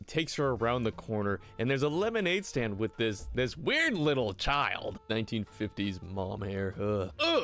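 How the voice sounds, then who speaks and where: A young man giving a comedic recap of an old TV episode, sarcastic and rambling, with sudden high-pitched outbursts. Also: fairly bright tone. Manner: sarcastic, rambling, jumps up in pitch when ranting. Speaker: video commentator.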